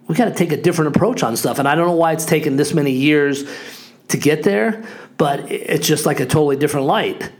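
A man in his forties, a real estate agent hosting a podcast, talking in a casual, upbeat and rambling way with lots of fillers. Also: on the high side. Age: 40s. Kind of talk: casual monologue.

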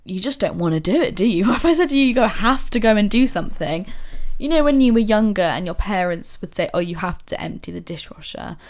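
Chatty woman, lively questions. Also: mid-range voice, a little fast. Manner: animated, rhetorical questions, dips into soft asides. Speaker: podcast host. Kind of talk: casual motivational monologue.

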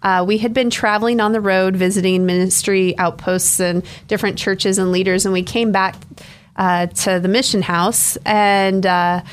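Woman guest chatting about mission life, easygoing and quick to laugh, medium voice. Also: mid-range voice, steady tone, smooth. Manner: chatty, laughs easily while recounting. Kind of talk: casual storytelling interview.

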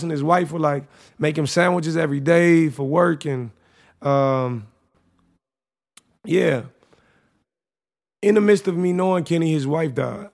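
Gravelly young man reading his journals. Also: on the high side, unhurried, long pauses, a little mellow. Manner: casual, emotional, slangy, reflective. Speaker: podcast host. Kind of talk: reading personal journal entries aloud.

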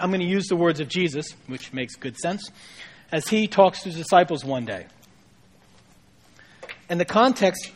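Male pastor, high voice, conversational sermon delivery, casual storyteller with a light comic touch.

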